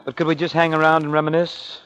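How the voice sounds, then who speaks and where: An actor playing a brash, fast-talking young American traveler and narrator in a 1940s film comedy. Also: male voice, a little high, completely flat delivery, a bit bright, clear, resonant tone, lo-fi sound, some chatter behind, natural voice. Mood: bossy. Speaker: straight man and narrator.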